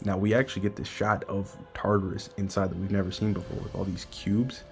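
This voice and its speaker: Deep-voiced man breaking down a manga. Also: flat delivery, fairly quick, creaky, over music. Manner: enthusiastic, speculative. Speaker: manga chapter reviewer. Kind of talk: casual chapter breakdown.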